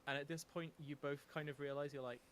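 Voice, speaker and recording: A man narrating a tabletop game as game master, in a relaxed, rambling way with many fillers and restarts. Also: fairly high pitch, fast, slight background noise.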